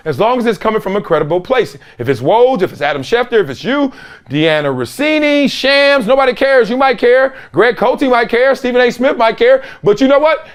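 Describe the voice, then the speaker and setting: Animated, high-pitched male sports host. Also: clear, resonant tone. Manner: storytelling, acts out quoted voices, emphatic. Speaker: host, former NFL player. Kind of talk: animated sports talk monologue.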